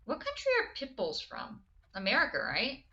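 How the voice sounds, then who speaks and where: Streamer woman, bright and forceful tone, chatty and giggly, answering chat live. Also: sits high, huge pitch swings, moderate pace, lo-fi sound. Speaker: game streamer.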